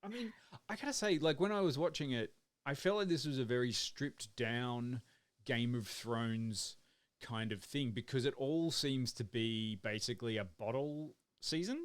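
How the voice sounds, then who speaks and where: A man's voice: mid-range voice, moderate pace, smooth. A man co-hosting a podcast in casual live-streamed chat, joking and teasing with frequent laughs. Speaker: podcast co-host.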